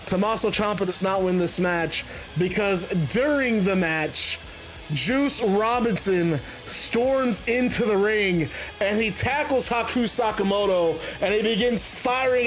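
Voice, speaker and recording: High-voiced male host, casual stop-start play-by-play. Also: unhurried, faint music behind. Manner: rambling, stop-start phrasing. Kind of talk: casual wrestling play-by-play narration.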